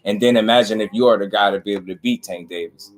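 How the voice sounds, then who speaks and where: Boxing stream host, male, lowish voice, loose slangy banter, laughs a lot while reading chat. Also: steady tone, fast. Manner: slangy, laughing, riffing on viewer comments. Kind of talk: casual livestream chat.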